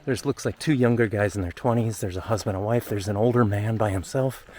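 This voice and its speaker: Holding his phone as he walks a long outdoor trail, a man talks into it in a rambling, candid and emotional way, casual travel-vlog fashion. His voice is low-ish and a bit mellow, his pace a little fast, with slight hiss or hum audible.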